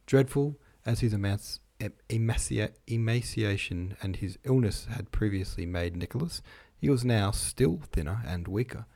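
A man giving a relaxed, informal reading of a classic novel, stumbling on long words and rereading them. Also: on the low side, moderate pace, hardly any pauses. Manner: chatty asides between passages. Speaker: reader.

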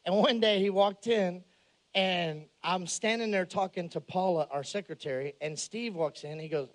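High-voiced preacher, animated and jokey. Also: male voice, normal speed. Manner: animated, jokey, shouts for emphasis. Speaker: pastor. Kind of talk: humorous storytelling sermon.

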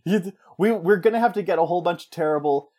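A man in casual chat, pitching a story in a rambling, jokey way and slipping into character voices. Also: quick pace, darkish tone.

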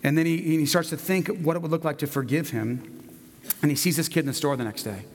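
A man's voice: on the high side, quick pace, long reverb tail. Man telling a story in a sermon. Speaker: preacher.

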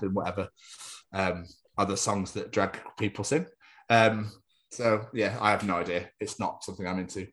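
A young man in his twenties chats casually as a podcast co-host. His voice sits low, and he rambles in a jokey way. He drifts into silly put-on voices now and then. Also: fairly even intonation, moderate pace, fairly bright tone. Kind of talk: casual chat.

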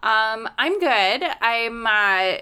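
A woman's voice: on the high side, lively intonation, drawn-out words, bright, forceful tone, clear, resonant tone. A woman co-hosting a podcast, chatting in an easygoing, giggly way with some hesitant fillers. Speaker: podcast co-host. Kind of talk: casual chat.

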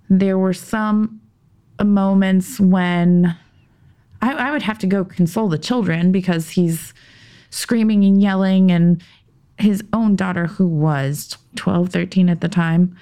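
A woman recounting a hard personal story as a podcast guest, in a warm, mellow voice. She speaks slowly and haltingly, often stopping to restart a sentence. When she gets heated, she drops into a tense whisper. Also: mid-range voice. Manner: halting, with frequent restarts and pauses. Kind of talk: personal story told in conversation.

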